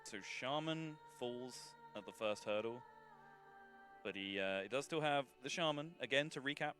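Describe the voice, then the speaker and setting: A man casting a card game tournament live, chatty and quick to laugh. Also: medium pitch, lively intonation, a bit bright, soft background music. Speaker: esports caster. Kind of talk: live esports commentary.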